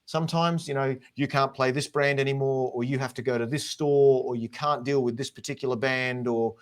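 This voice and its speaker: A man's voice: medium pitch, steady tone, a little fast. A man with an Australian accent, a guest drummer giving earnest, encouraging advice in a casual chat. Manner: earnest, talks in long encouraging runs.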